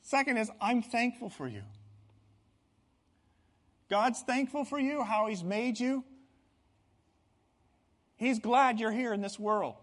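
A middle-aged male pastor delivering a sermon in a slightly high voice. He speaks earnestly and swings from soft, low asides up to loud, emphatic peaks. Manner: earnest, rising to emphatic bursts.

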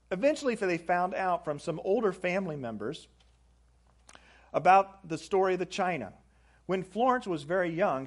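A man preaching a sermon, reading aloud from a book and stressing phrases with rising emphasis. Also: a little high. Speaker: pastor. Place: church sanctuary.

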